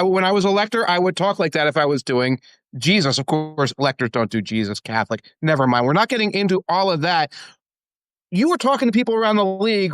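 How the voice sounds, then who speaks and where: A man's voice: a little high, a bit bright, no room sound. A man co-hosting a casual sports podcast, joking wryly and stumbling over repeated words. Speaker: podcast co-host. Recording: dry close sound.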